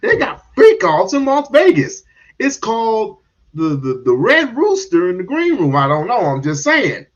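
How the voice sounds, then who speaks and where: A man's voice: high voice, huge pitch swings, a little slow, dull audio. A man giving heated, casual commentary on a stream, restarting and repeating words as he goes.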